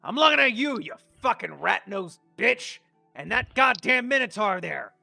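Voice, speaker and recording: A man's voice: high-pitched, very animated, moderate pace, vocal fry, soft background music, voice pushed up, heavily acted. A man voicing a furious bellowing tavern drunk. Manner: shouting, swearing insults. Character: enraged male tavern drunk, just hit.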